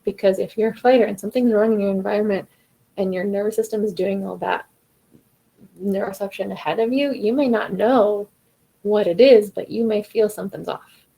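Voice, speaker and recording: A woman's voice: medium pitch, fairly quick, gravelly, mellow, rough recording. A woman giving a casual, encouraging live coaching talk to singers, acting out their inner voices as she goes.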